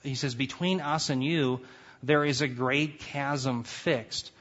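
A man's voice: mid-range voice, fairly even intonation, slow, fairly bright tone, highs cut off. A man teaching a lecture class on scripture, reading verses aloud with rising force and emphasis. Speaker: Bible teacher.

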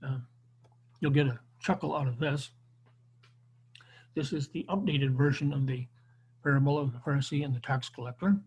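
A man's voice: medium pitch, fairly even intonation, normal speed, pauses often, a little mellow, husky, dull audio. A man teaching an online Bible class, lecturing unscripted with frequent restarts and fillers over a video call.

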